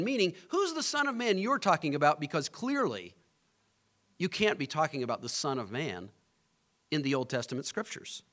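Pastor, male, higher voice with a lively, swinging delivery; preaches and quizzes the congregation. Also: brisk. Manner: animated preaching, rising to emphatic peaks, asks the congregation questions. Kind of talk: sermon.

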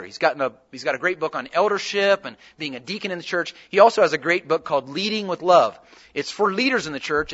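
Male pastor, sermon storyteller, high and bright, acts out dialogue, lo-fi church recording. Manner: animated storytelling, acting out dialogue.

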